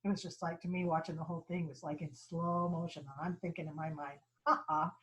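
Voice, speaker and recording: A woman lecturer telling a personal story, with halting restarts and repeated phrases, acting out the people she quotes. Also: sits low, low-quality recording. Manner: animated, voices the people in her story.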